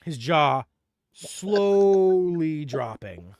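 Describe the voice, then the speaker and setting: A man's voice: fairly high pitch, big pitch swings, drawn-out words, darkish tone, no room sound, clean studio sound. A young man narrating as game master of a tabletop game, rambling and restarting words.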